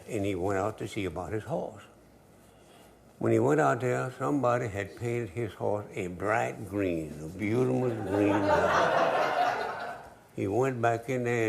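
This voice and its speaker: Gravelly older cooking host. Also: male voice, on the low side, a little mellow, slight background noise. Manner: easygoing, joking, dialect grammar. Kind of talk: folksy cooking demonstration with storytelling.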